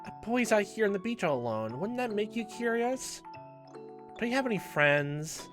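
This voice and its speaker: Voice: mid-range voice, big pitch swings, moderate pace, over music, voice pushed up, close to an everyday voice. A gamer doing a flustered young woman traveler. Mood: earnest. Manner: bright, eager and easily flustered. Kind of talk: voiced visual novel reading.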